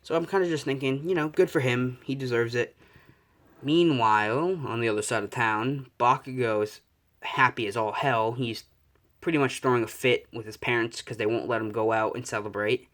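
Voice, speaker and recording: A young man improvising a fan story out loud, rambling and correcting himself, swearing casually. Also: medium pitch, moderate pace.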